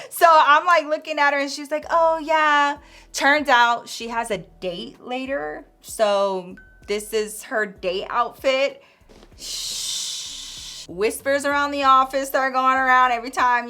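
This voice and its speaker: Woman, casual storytime vlog, bright tone, chatty, animated, acts out quotes, lots of "girl" and "like". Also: on the high side. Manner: says "girl" and "like" often.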